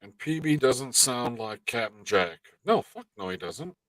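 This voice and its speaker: A man's voice: mid-range voice, measured pace, no echo, low-quality recording. A man co-hosting a casual live-stream chat, rambling and swearing freely as he talks. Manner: profane, animated rambling. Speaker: podcast co-host.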